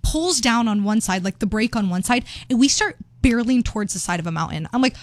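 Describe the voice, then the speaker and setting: Chatty young woman with a bright, high voice. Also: sing-song, fast talker, hardly any pauses, background noise. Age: young adult. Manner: chatty, laughing, acts out quotes. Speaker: vlogger. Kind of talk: casual chat.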